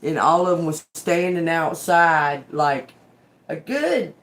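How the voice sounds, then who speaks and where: A woman's voice: sits low, expressive, takes it slowly. A middle-aged woman telling a story in casual chat, swearing freely and breaking into laughter. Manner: profane, laughs often while telling. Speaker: tarot reader and channel host.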